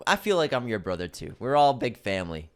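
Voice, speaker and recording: Playful, animated man co-hosting a podcast. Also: medium pitch, fast. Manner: animated, playful, reads reviews in an upbeat voice. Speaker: podcast co-host. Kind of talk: casual chat.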